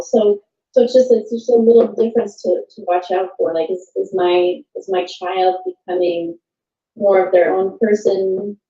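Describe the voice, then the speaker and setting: A woman speaking at a parenting workshop in a thoughtful, halting way, often restarting her sentences. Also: mid-range voice, dark tone. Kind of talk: workshop talk. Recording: echoey room, dull sound.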